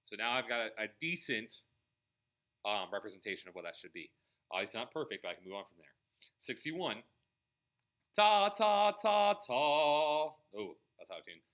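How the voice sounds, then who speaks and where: A man's voice: on the low side, expressive, fast, sharp tone. A man teaching a trumpet lesson, explaining measures and singing the rhythms aloud between bits of playing. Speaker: music teacher. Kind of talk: instrument practice lesson.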